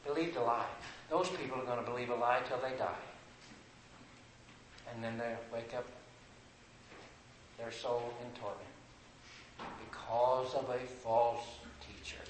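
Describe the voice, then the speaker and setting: A man preaching a fervent sermon, building to loud, emphatic passages. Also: mid-range voice, fairly even intonation, measured pace, pauses often, reverberant, a little hiss or hum, rough recording.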